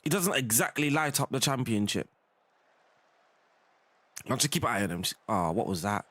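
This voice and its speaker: A man's voice: medium pitch, lively intonation, normal speed, a bit bright, no room sound. A young man, chatting casually while playing a football management game, laughing often and calling the viewer "bro". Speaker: gaming streamer.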